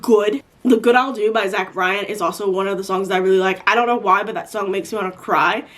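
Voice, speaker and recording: A woman's voice: mid-range voice, steady tone, fast talker, fairly bright tone. A woman in her twenties answering viewer questions in a casual, rambling chat full of fillers like "like" and "um". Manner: chatty, rambling with many "like" and "um".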